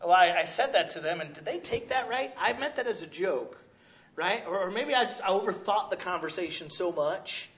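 A man delivers a sermon in a loud, conversational way, tossing in quick asides to his listeners. His voice sits a little high for a man. The recording is dull and lo-fi. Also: expressive. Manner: loud, conversational preaching with frequent "right?" asides. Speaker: pastor.

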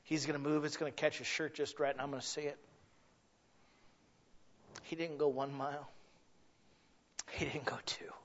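A man preaching a sermon as pastor, shifting from quiet, near-whispered passages to loud, exclaiming ones. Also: a little high, flat delivery, fairly quick, pauses often, dull audio. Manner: swings from hushed and intimate to loud and exclaiming.

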